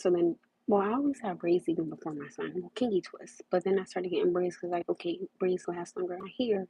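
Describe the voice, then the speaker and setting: A woman's voice: lowish voice, fairly even intonation, quick pace, warm tone, breathy edge. A young woman hosting a casual livestream, rambling and repeating herself as she talks. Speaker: livestream host. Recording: muffled lo-fi livestream audio.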